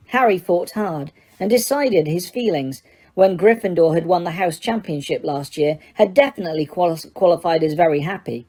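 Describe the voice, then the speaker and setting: A woman narrating an audiobook in a steady, dramatic storytelling manner. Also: on the low side, moderate pace. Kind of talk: scripted narration.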